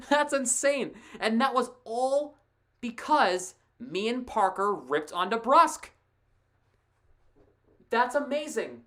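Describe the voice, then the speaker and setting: A woman provides casual live play-by-play of a hockey game as a fan commentator, excitable and quick to laugh, tossing chatty asides to a co-host. Her voice is a little high.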